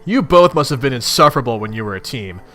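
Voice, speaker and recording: A man voicing a loud, irritable young male troll who rants angrily and swears. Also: mid-range voice, animated, fast talker, faint music behind, natural voice. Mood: ranting. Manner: angry, foul-mouthed ranting.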